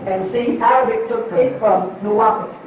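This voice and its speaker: A man's voice: sits high, moderate pace, background noise. A man giving a lecture to an audience and taking their questions. He talks emphatically, repeats his points and asks rhetorical questions. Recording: distant, echoey, dull lo-fi recording.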